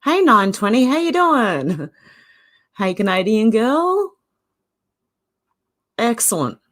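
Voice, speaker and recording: Greeting chatters by name and reading out their comments, an Australian livestream host keeps the talk casual and chatty. She speaks slowly in a high-leaning, very animated voice that is a bit bright.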